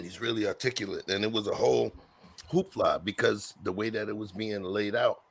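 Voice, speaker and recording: A man with a somewhat low voice leads a casual panel talk. He lectures in an informal, insistent way and keeps turning to the others for their views.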